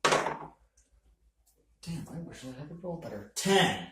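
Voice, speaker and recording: A man's voice: on the high side, expressive, slow. A man playing a tabletop game, joking around and swearing freely. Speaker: player. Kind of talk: casual tabletop game chat. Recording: roomy, distant mic with faint noise.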